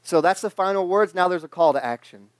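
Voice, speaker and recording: A young man in his twenties preaches in a loose, conversational way, joking and acting out the people in his stories. His voice sits a little high for a man, and the sound is close and dry, with almost no room echo. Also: a little fast. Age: 20s. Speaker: pastor. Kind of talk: casual sermon. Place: church sanctuary.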